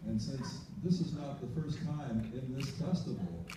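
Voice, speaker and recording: A man in his seventies in the audience, asking a formal question in a measured way. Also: medium pitch, expressive, background noise. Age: 70s. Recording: echoey hall recorded from far off.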